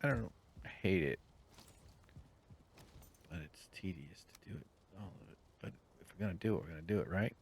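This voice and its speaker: Low-voiced man muttering over gameplay. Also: moderate pace, vocal fry, long pauses, a little hiss or hum. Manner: muttering to himself, jokey asides, hums and whispers. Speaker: gaming channel host. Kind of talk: relaxed rambling gameplay commentary.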